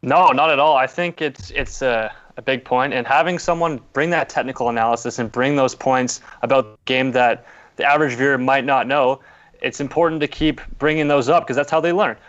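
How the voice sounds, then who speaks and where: Calm man guest, muffled sound. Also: mid-range voice, a little fast. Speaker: podcast guest. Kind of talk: casual chat.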